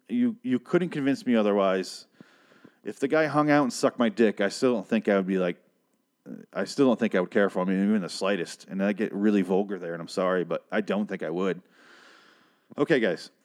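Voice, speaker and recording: A man's voice: on the low side, darkish tone. A man from Michigan hosting a podcast, ranting in a rambling, sarcastic and profane casual monologue. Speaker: podcast host.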